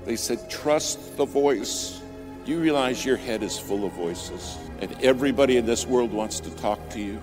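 A man preaching a sermon as a story, dramatic, rising to loud peaks and dropping to near whispers. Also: medium pitch, brisk, hardly any pauses. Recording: music bed under the voice.

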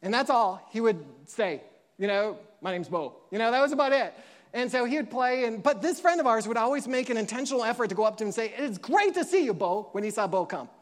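A man preaching a sermon, telling stories with lively acted-out quotes and quiet, slow emotional passages. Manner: animated storytelling, acts out quotes with big pitch jumps; drops soft and slow for emotional moments. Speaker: pastor.

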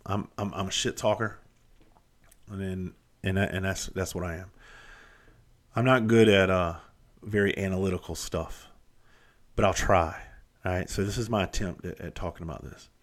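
A man's voice: deep voice, fairly even intonation, moderate pace, long pauses. A middle-aged man hosting a podcast, telling blunt, profane stories from his own past in a casual, self-deprecating way. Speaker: podcast host. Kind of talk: casual storytelling monologue.

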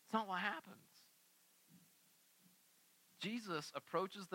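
Bright, high-voiced young preacher. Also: male voice, normal speed. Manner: animated, acts out biblical characters in casual voices. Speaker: pastor. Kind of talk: sermon.

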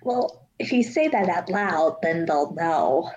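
A woman's voice: on the low side, expressive, slow, a little mellow, lo-fi sound. A woman co-hosting a tabletop game podcast, giggly with wry quips. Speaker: player and co-host. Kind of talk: casual podcast banter.

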